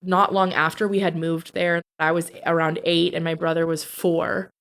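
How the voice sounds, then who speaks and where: A woman's voice: on the low side, level tone, normal speed, fairly bright tone. A woman, a podcast guest, telling her own life story in a blunt, candid, profane way. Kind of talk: personal storytelling.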